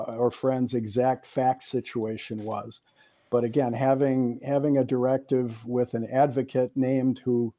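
Mellow-voiced male guest, wry and stammering. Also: medium pitch, no echo. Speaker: expert guest. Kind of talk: expert advice on a call-in show.

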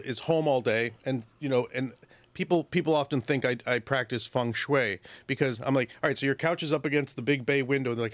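A man who trains dogs for a living answers a caller on a radio show. He talks in an animated way and slips into little voices for the dog and its owner. His voice sits in a middle range, and the studio sound is dry and close. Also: medium pitch, dry recording. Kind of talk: call-in radio advice.

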